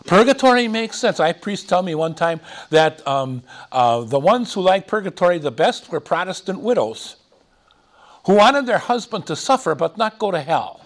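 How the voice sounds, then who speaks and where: A man preaching a sermon, animated and digressive, with dramatic emphasis. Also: high-pitched, moderate pace.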